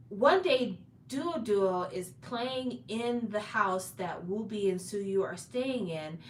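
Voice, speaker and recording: Woman casually recapping a story, roomy echo. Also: medium pitch. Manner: chatty, retelling with fillers and restarts. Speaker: drama recap host. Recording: roomy echo, distant from mic, faint background noise.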